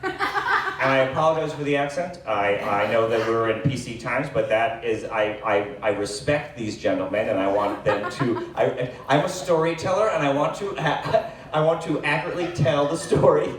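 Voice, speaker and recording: A man doing live stand-up, telling a rambling, self-deprecating story with lots of fillers and quick asides. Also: mid-range voice. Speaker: stand-up comedian. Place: comedy club stage. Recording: echoey room, distant mic, faint hiss.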